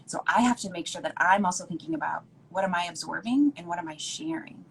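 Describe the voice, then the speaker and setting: A woman's voice: fairly low pitch, lively intonation, quick pace, gravelly, slight background noise, poor audio. A woman speaking as an educator guest, earnest and emphatic, repeating points for stress over a video call. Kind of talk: casual conversational interview.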